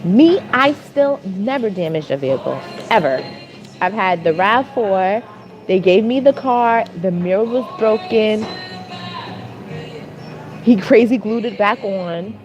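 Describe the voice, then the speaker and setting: A woman vlogger telling a story as a rant, animated and exasperated, repeating phrases for emphasis. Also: mid-range voice, slow, lo-fi sound, soft background music.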